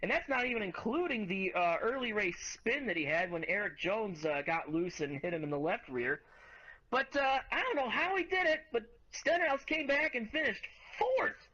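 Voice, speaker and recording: A man chatting as co-host of a sports podcast. He gets enthusiastic and rambles, and his pitch swings widely. His voice comes through dull and lo-fi. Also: very animated, normal speed, bright, forceful tone. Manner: enthusiastic, rambling recaps with fillers. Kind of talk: casual sports podcast chat.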